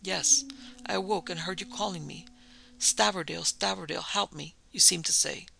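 An anxious young suitor in an old ghost story, voiced by a man reading aloud. He speaks hoarsely and pleadingly, the tone bright and strongly gravelly. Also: sits high, moderate pace, heavily acted, poor audio.

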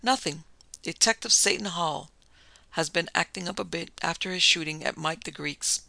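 A man voicing a smooth, offhand police lieutenant who chats breezily. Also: on the high side, moderate pace, bright, forceful tone, dry recording, exaggerated voice. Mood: breezy.

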